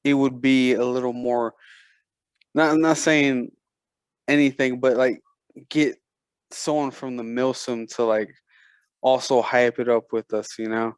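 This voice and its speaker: A man's voice: medium pitch, fairly even intonation, measured pace, pauses often, clean tone, no room sound. Rambling young man, dry close sound. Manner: rambling, restarts, swears casually. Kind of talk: casual chat.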